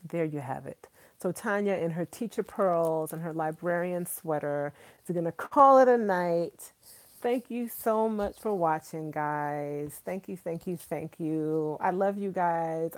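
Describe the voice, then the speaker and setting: A woman hosts a relaxed livestream, talking straight to her viewers. Her voice sits a little low for a woman, and she gushes enthusiastically, circling back to the same words for emphasis. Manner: chatty, enthusiastic, addresses viewers as y'all; repeats herself for emphasis. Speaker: livestream host. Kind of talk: casual livestream chat.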